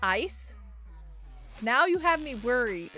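A woman's voice: a little high, sing-song, takes it slowly, pushed and bright, faint music behind. A woman streaming a game live, chatting casually, gushing thanks to viewers and giggling often.

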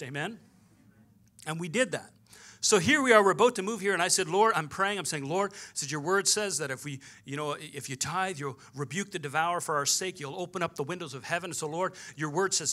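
A pastor preaching in a bright, forceful voice that sits a little high for a man. He tells his story through lively back-and-forth dialogue, acting out each exchange as he goes. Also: a little fast. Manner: storytelling with quoted dialogue, animated. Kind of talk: sermon.

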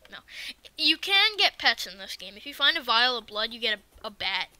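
A woman giving casual let's-play commentary, excitable and talking back to the game's enemies. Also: fairly high pitch, moderate pace, no room sound. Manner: excitable, swears and talks to the game enemies. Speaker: gaming video creator.

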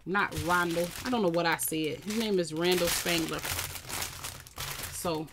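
A woman's voice: fairly low pitch, unhurried. Woman vlogger, casual and chatty, faint noise in the background. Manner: chatty, talks to viewers and camera. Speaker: crafting vlogger. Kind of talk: casual unboxing chat.

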